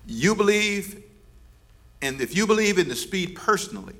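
Playful pastor preaching, somewhat high voice. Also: male voice, very animated, normal speed, fairly bright tone. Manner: playful, teasing the congregation. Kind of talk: sermon with call and response. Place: church service before a congregation.

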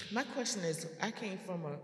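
A man with a somewhat high voice asks the pastor a question at a church microphone. He hesitates and searches for his words. The room is roomy, with a long echo trailing each phrase. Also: lively intonation, moderate pace, bright, forceful tone. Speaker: congregant asking a question. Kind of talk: question from the floor. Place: church hall. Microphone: standing microphone in the room.

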